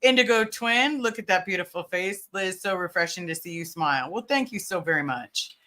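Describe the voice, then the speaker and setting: A woman's voice: fairly low pitch, lively intonation, brisk, pushed and bright. A woman hosting a casual livestream, earnestly greeting viewers by name and reassuring them. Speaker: livestream host.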